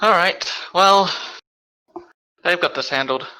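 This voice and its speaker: A man's voice: high-pitched, slow, sharp tone, poor audio. A man playing a tabletop game, thinking aloud and unsure of names. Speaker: player.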